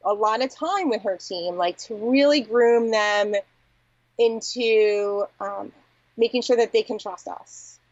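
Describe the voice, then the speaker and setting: A woman's voice: on the high side, slow pace, dry recording. A woman agency founder talking candidly and reflectively as an interview guest, often saying "like" and "you know". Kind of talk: conversational interview. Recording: dull dry audio.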